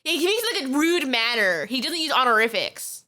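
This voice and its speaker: A woman streamer giving casual reaction commentary, animated and giggly, with lots of filler words. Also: sits high, a little fast.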